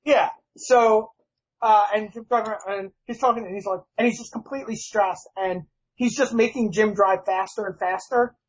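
A man in casual podcast chat, an animated storyteller who laughs often. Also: sits high, moderate pace, slightly rough. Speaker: podcast guest. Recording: dull, lo-fi sound.

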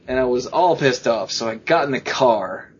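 A podcast co-host with a mid-range voice tells a funny personal story in casual chat, speaking a little slowly. He acts out other people's lines and laughs often, and the lo-fi recording carries a little hiss or hum.

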